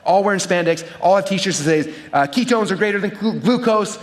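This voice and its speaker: Guy running a seminar, talks super fast, slightly high voice, keeps tossing "right?" at the crowd. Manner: energetic, checks in with the audience with "right?" and "okay?". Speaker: seminar speaker teaching marketing. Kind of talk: live seminar talk with storytelling. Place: in front of a live audience.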